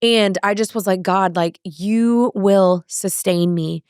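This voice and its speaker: A young woman hosts her podcast with a smooth, clear voice, recorded close in a dry space. She tells stories casually and animatedly, acting out her own panicked lines and filling gaps with "like.". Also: mid-range voice, slow, dry recording. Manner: animated, breathless retelling with acted-out inner quotes; fillers "like" throughout. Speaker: podcast host. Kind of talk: casual storytelling monologue.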